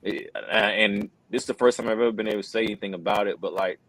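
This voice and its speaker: A man's voice: lowish voice, fairly even intonation, fast talker, a bit bright, low-quality recording. A middle-aged wrestling commentator, telling an earnest personal story in a casual interview, full of fillers like "bro" and "man.".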